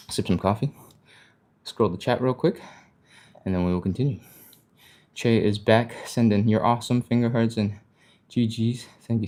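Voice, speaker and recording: A man hosting a live stretching stream, talking fast and upbeat, laughing often as he walks viewers through each move. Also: fairly low pitch, darkish tone. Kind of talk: live workout instruction.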